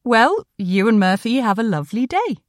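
A woman voicing a polite, gently wry woman who lives on a narrowboat. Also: a little high, sing-song, normal speed, dry recording, clean studio sound, voice pushed up.

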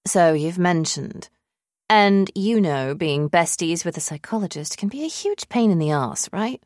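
A woman's voice: on the low side, animated, a little slow, darkish tone, no room sound, studio quality. A woman reading an audiobook, voicing a breezy, teasing female friend with a British accent. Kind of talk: audiobook character voice.

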